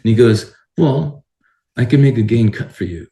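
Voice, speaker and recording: A man, a guitarist guest in an interview, telling animated stories and acting out conversations. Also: medium pitch, moderate pace. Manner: animated, acts out conversations, swears casually. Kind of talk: casual interview storytelling. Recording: roomy echoing sound.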